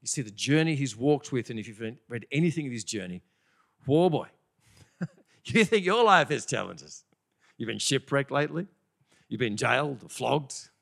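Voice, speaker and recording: A man preaching a sermon in a conversational, animated way, often asking the congregation questions. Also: mid-range voice, moderate pace, vocal fry, pauses often.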